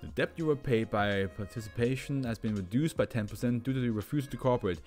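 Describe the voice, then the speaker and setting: A man voicing a cold male researcher who gives curt, flat commands to a test subject. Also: mid-range voice, quick pace, soft background music, lightly acted. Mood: clinical.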